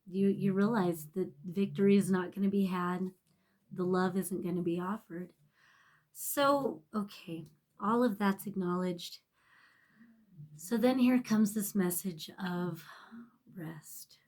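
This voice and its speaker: A woman giving a casual tarot reading to camera. She rambles, swears freely and is emotional, often sinking to a soft near-whisper. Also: medium pitch, measured pace. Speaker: tarot reader.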